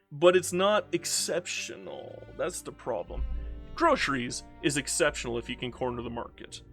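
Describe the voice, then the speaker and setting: Gaming YouTuber, male, a touch high-pitched, jumps from excited outbursts to muttering; light music bed. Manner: excitable, swings between exclaiming and mumbling. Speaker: strategy game YouTuber. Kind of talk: casual gameplay commentary.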